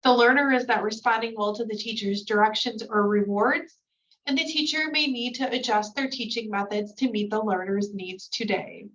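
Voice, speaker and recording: Female trainer, slightly higher voice, heard from across the room on muffled lo-fi audio; reads slides, then riffs casually. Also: normal speed, a bit bright, slight background noise. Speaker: new-hire trainer. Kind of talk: recorded training lecture. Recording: distant mic, dull lo-fi sound.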